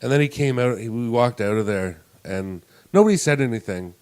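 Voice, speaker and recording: A man's voice: mid-range voice, fairly quick, clean tone. A man co-hosting a podcast, telling a long story in casual chat and laughing as he goes. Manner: animated, laughs while telling stories. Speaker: podcast co-host.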